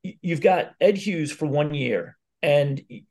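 A man hosting an interview who asks questions in a halting way, often restarting his sentences. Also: fairly high pitch, lively intonation, darkish tone. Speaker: podcast host. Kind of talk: casual interview.

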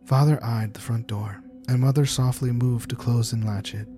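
A man reading a scripted horror story aloud in a measured, tense storytelling manner. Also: medium pitch, steady tone, warm tone. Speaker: narrator. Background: music.

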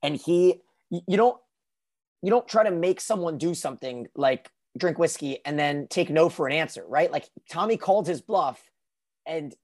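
A man's voice: fairly high pitch, expressive, moderate pace, darkish tone. Rambling man recapping a TV episode. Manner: rambling, many restarts and fillers. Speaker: podcast co-host. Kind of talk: casual TV recap chat.

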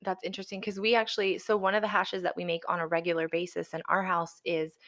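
A woman's voice: lowish voice, flat delivery, fast talker, fairly bright tone. Easygoing woman guest. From Alabama and Florida, US South. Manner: easygoing, storytelling, frequent fillers. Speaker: guest homesteader. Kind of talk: casual conversation.

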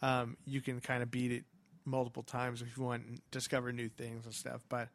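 A man's voice: mid-range voice, completely flat delivery, moderate pace. A man co-hosting a podcast in casual chat, laughing often and swearing as he acts out scared reactions. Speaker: podcast co-host.

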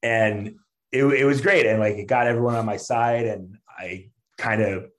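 Speaking at a normal speed in a fairly low voice, a male comedian guest spins a casual story. He keeps restarting and using fillers, bursts into laughter a lot, and brings the quotes to life by acting them out.

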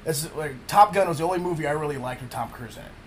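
A man's voice: on the high side, fast talker, a little hiss or hum. A married man co-hosting a casual podcast, talking bluntly with plenty of swearing and jokes. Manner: profane and blunt, jokey. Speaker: podcast co-host. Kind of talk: casual chat.

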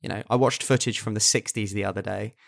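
A young man co-hosting a casual football podcast, talking in quick animated bursts and repeating words as he builds a point. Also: fairly low pitch, gravelly. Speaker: podcast co-host.

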